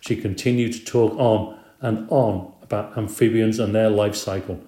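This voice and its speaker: A man reads a children's storybook aloud in a steady storytelling voice. His tone is low and mellow, and the reading sits in a roomy, echoey space. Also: moderate pace. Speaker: audiobook reader. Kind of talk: scripted narration. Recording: roomy echo.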